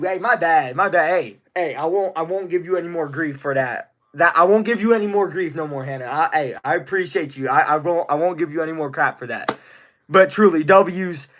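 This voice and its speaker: A young adult man streaming live, chatting casually with viewers and excitedly shouting out donors. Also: high voice. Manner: excitable, gives rapid shout-outs to donors; chatty, answers viewer questions one by one.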